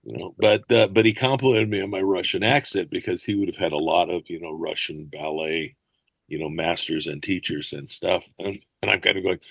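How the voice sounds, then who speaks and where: An older man, an actor and fight choreographer, telling rambling, animated anecdotes as a guest over a video call. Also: sits low, brisk, gravelly, breathy edge, no echo. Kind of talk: casual interview storytelling.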